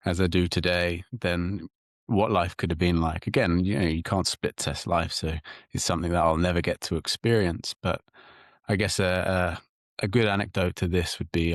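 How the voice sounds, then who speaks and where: A man, a psychotherapist speaking as a guest in a measured, reflective way and often repeating words as he thinks. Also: low-pitched, dry recording, clean studio sound. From England. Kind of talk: reflective interview talk.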